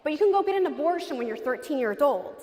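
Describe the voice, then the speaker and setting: A woman's voice: high voice, lively intonation, fast, darkish tone, long reverb tail. A woman telling her personal story in an earnest testimony, acting out the people she quotes. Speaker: speaker giving a personal testimony. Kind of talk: emotional personal testimony talk.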